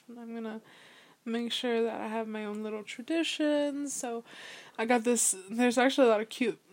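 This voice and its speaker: Young woman, chatty vlogger, rambling and upbeat, voice a touch high. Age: young adult. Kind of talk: casual chat.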